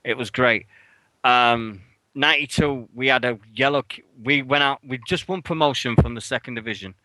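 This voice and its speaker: Bright-voiced man telling a lively story. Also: moderate pace, no room sound, low-quality recording. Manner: animated storyteller, swears, pitch jumps when acting out his outrage. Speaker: radio show co-host. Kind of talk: casual storytelling chat. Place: radio studio.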